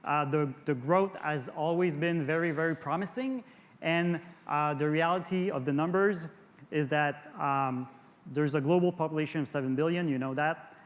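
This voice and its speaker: A fairly high-voiced man with a French Canadian accent presents at an industry conference. He stumbles, restarts and repeats words as he goes. His voice rings with the long reverb of a large hall. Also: normal speed. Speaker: conference speaker.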